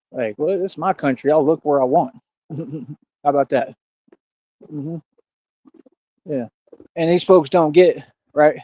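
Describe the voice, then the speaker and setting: A man's voice: medium pitch, no echo. A man ranting on a stream in casual street slang, boastful and confrontational, calling out critics with lots of "like" and "bro". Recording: dull lo-fi stream audio.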